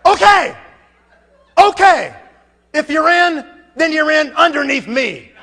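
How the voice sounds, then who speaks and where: A man voicing a furious, gruff older father-in-law who bursts out indignantly, heard in a reverberant hall. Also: extremely high pitch, animated, measured pace, bright, forceful tone, slight background noise, exaggerated voice. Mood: grudging.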